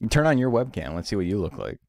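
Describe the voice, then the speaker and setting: A man's voice: on the low side, wildly swooping pitch, fast, creaky, a little mellow, no echo, clean studio sound. A man casually commentating a game stream, reading game text aloud with wry, offhand remarks.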